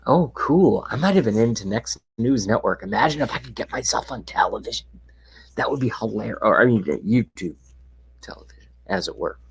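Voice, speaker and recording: A man's voice: medium pitch, animated, a little fast, creaky, slightly rough, rough recording. A man hosting a casual live-streamed rant, talking to his chat, sarcastic and profane, sometimes dropping into a whisper. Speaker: livestream host. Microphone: webcam mic.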